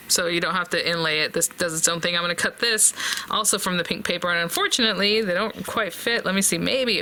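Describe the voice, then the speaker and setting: A woman hosts a casual papercraft tutorial, chatting and thinking aloud to her viewers. Her lowish voice has a sharp tone, picked up on a close desk mic with a little hiss or hum.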